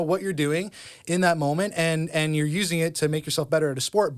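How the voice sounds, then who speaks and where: A man's voice: on the high side, dry recording, studio quality. A man, a pastor, talking openly and personally in a casual conversation and laughing easily. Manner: open, confessional, laughs easily.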